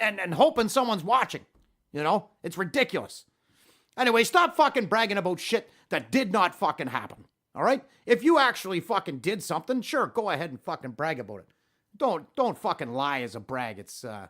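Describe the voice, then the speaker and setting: A man's voice: high voice, big pitch swings, a little fast, a bit bright. A man hosting a podcast, ranting in a worked-up monologue with heavy swearing. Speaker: podcast host.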